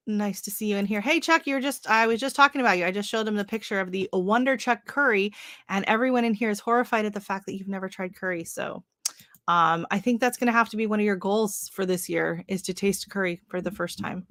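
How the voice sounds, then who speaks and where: A woman's voice: medium pitch, quick pace, fairly bright tone, no room sound, studio quality. A woman hosting a live stream, chatting casually with viewers, greeting them by name and rambling with lots of fillers. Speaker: livestream host. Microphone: livestream setup.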